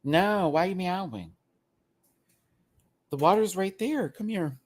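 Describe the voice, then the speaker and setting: Guy ranting about a tv episode on a livestream, super lively up and down voice, keeps laughing, lots of "like"s. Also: high-pitched, measured pace, pauses often. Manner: animated, rambling, laughs often, many fillers. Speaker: host reviewing a TV show. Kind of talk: live-streamed casual review chat.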